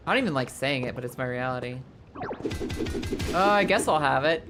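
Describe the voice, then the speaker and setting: A woman with a low voice that swoops up and down all the time, talking through a game stream in a playful, joking way. She swears casually, greets her chat as she goes, and game music plays clearly behind her. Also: lively intonation, fairly quick, pauses often. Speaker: livestreamer. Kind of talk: casual gameplay commentary to a live chat.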